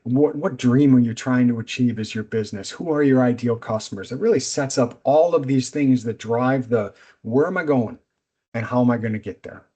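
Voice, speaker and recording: A man's voice: mid-range voice, moderate pace, breathy edge, lo-fi sound. Direct male business coach giving a seminar. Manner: energetic, direct, instructive. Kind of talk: seminar presentation.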